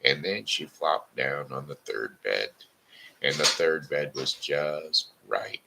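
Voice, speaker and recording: Very deep, slow-talking man. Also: vocal fry, noisy background. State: stuffy from sinus trouble. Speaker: host of a live blog show. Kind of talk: reading a story and scripture aloud.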